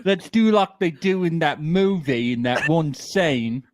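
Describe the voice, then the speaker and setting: A man's voice: fairly high pitch, lively intonation, unhurried, noisy background. A man doing a campy mock-British flirt. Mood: teasing. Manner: campy, teasing. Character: man mocking a contestant's put-on British flirting.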